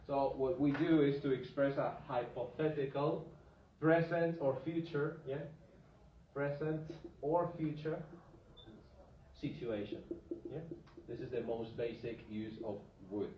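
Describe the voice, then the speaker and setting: A man's voice: medium pitch, fairly even intonation, measured pace, a little hiss or hum. A male teacher giving a classroom grammar lesson, repeating example sentences and checking in with students with a frequent "yeah?". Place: classroom with a whiteboard. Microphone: far from the speaker. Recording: echoey, distant, dull lo-fi room recording.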